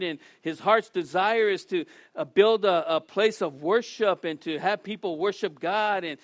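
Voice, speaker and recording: A man preaching a casual sermon, animated, often restarting and acting out quotes. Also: sits high, dry recording, clean studio sound.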